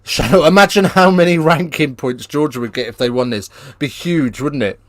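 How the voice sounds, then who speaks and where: A man hosting a live rugby watchalong, chatting casually with viewers and breaking into excited play-by-play. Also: on the high side, moderate pace, dry recording, clean studio sound. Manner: casual, banters with live chat, lifts into excited play-by-play on tries. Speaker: watchalong host. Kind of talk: live watchalong commentary and chat.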